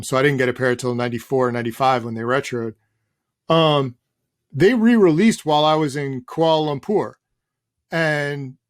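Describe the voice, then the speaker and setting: Middle-aged man, interview guest, rambling casual talk, highish voice, dry close sound. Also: dry recording. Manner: relaxed, rambling, swears casually. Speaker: guest, sneaker journalist.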